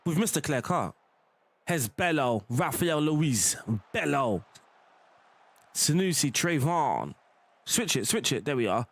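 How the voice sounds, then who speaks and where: A man streaming a football management game, talking casually and getting excited, at times shouting at the plays. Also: on the high side, takes it slowly, long pauses. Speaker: gaming streamer. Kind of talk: live game commentary.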